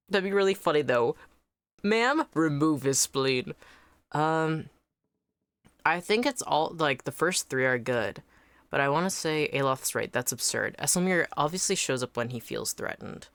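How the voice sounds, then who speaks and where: Woman, streamer, casual game commentary, chatty, low lively voice, dry close sound. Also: a little slow, no room sound. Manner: chatty, laughs easily, many fillers.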